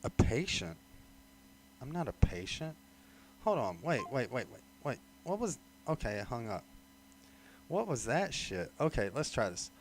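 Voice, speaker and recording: A man's voice: medium pitch, very animated, a little slow, long pauses, a little hiss or hum. A man hosting a livestream, ranting angrily with lots of swearing while he dials a phone line. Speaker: livestream host. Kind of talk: angry livestream rant.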